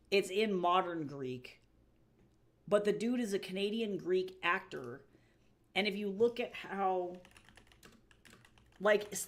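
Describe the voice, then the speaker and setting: Low-voiced woman chatting on a stream. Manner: chatty, swears freely, rants with exasperation. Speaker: artist streaming live. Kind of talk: casual livestream chat.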